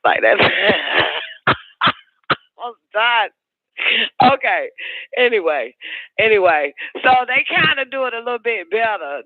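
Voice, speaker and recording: A man hosts his own talk radio show, telling profane stories in a high voice. His delivery is crude and animated. The sound is tinny and phone-like, and dry, with no room around it. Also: dry recording.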